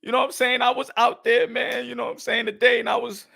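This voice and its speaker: Man, boxing vlogger, sarcastic mock apology, fake sobbing, sighs, bright edgy tone, high voice. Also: flat delivery, fast talker, gravelly, hardly any pauses. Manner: sarcastic, exaggerated, swings between soft and loud. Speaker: boxing YouTuber.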